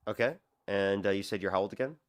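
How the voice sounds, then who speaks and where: A young man hosts a live debate stream at a rapid clip. His voice sits a little low and sounds dry and close. He rattles off repetitive thank-yous to donors. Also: no echo. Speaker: livestream debate host. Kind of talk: casual livestream talk.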